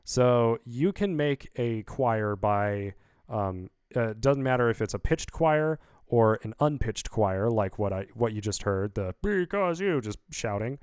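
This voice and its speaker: A man's voice: lowish voice, a little slow, darkish tone, clear, resonant tone, dry recording. A man casually explaining how he produced his song, rambling upbeat with many fillers, talking into a studio vocal mic. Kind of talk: casual video breakdown.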